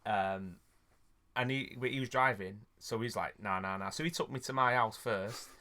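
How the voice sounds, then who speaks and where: A man's voice: medium pitch, normal speed, pushed and bright. A man, hosting a podcast and telling a rambling, sweary story with frequent laughs. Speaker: podcast host. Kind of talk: casual storytelling chat.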